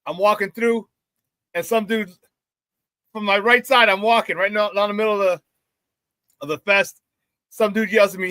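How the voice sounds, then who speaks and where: A man hosting a live sports talk show, hyped and laughing often as he shouts out viewers in the chat. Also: high-pitched, fairly even intonation, moderate pace, long pauses, dry recording.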